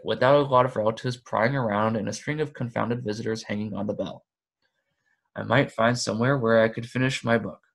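A man voicing a fussy, possessive elderly male hobbit who rises to sharp, excited outbursts. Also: medium pitch, creaky.

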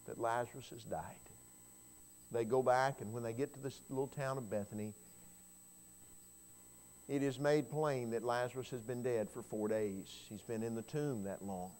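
A man preaching a sermon in a church, telling a Bible story and swinging from quiet passages to loud cries, often repeating words as he starts a phrase. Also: medium pitch.

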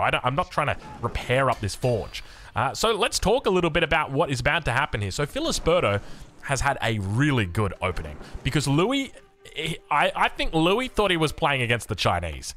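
A man's voice: medium pitch, very animated, fairly quick, fairly bright tone. An Australian man casting a strategy game in a chatty, rambling, jokey way, often cutting himself off mid-sentence. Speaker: game caster. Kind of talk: casual strategy game commentary.

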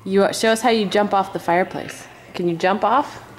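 A woman's voice: mid-range voice, steady tone, normal speed, a little hiss or hum. A mother at home filming her toddler on a handheld camera, coaxing him in a sing-song baby-talk voice. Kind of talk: home video, talking to a toddler. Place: at home indoors.

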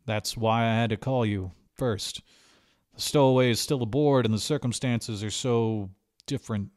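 A man voicing a grim, weary spaceship pilot, speaking in a quiet, measured way. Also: mid-range voice, lightly acted. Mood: urgent.

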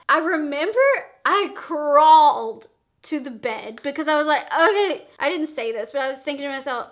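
A young woman tells a wild story straight to camera, swearing freely and acting out every beat. Her voice sits high and bright. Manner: animated, profane, dramatic retelling. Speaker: vlogger. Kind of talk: casual storytime vlog.

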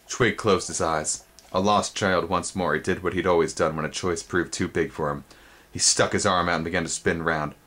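Man, deep voice, dramatic reading of a children's book, expressive. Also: moderate pace. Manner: expressive, picks up when excited. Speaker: book reader.

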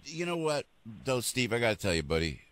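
A man's voice: medium pitch, brisk, a crowd in the background. A man hosting a radio show, talking emphatically and repeating his points. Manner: animated, emphatic, repeats phrases. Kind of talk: heated talk radio conversation. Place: radio studio.

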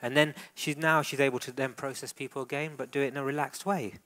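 A man's voice: medium pitch, steady tone, quick pace, fairly bright tone. A man who works as a dog trainer, leading a live training demonstration and coaching handlers with frequent praise.

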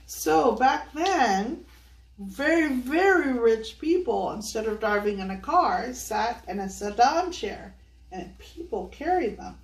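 A woman's voice: a little high, expressive, slow pace. An older woman reads a picture book to children, asking them sing-song questions and coaxing them along. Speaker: children's storyteller. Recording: echoey room, voice from a distance.

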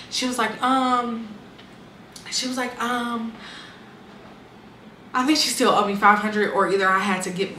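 A young woman tells her life story casually and bluntly, swearing freely and acting out what people said to her. Her voice is lowish, pushed and bright, and the recording comes from an echoey room with faint ambient noise.

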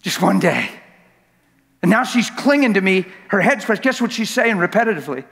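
A man preaching a sermon in a church, telling stories with lots of repetition and sometimes building up to a shout. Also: high-pitched, normal speed, vocal fry, slightly rough, in a large hall. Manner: animated, repetitive storytelling that swells to shouting. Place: church sanctuary.

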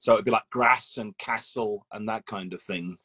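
Husky man hosting a casual live chat. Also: lowish voice, normal speed, pushed and bright, low-quality recording. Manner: rambling, with many restarts and acted examples. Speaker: host. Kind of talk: casual interview over a live stream.

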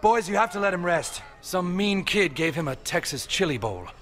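A man voicing a stern adult in a cartoon who lectures young boys in a deadpan way. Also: sits high, normal speed. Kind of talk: cartoon voice acting.

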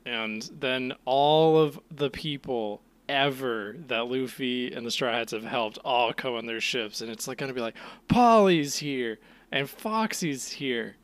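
A man's voice: mid-range voice, a little slow, hardly any pauses, no room sound. A man co-hosting a casual podcast chat, laughing often and swearing freely. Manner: laughing, profane, animated. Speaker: podcast co-host.

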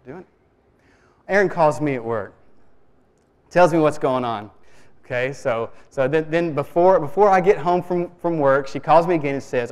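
A man's voice: on the high side, normal speed, long pauses, a little mellow. Man telling a sermon story in a church. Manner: storytelling, conversational, with many restarts. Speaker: preacher. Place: church sanctuary. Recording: long reverb of a church hall.

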